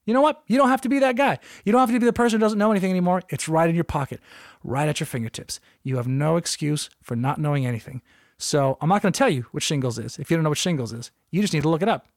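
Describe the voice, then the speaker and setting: A man hosting a comedic solo podcast, rambling through stories with jokey asides and lively outbursts. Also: fairly high pitch, fast, dry recording, clean studio sound. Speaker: podcast host.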